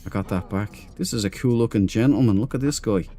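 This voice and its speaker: With soft music playing underneath, an Irish gaming streamer talks briskly in a warm, lowish voice. He rambles casually through his space game, chatting with viewers and crew members as he goes.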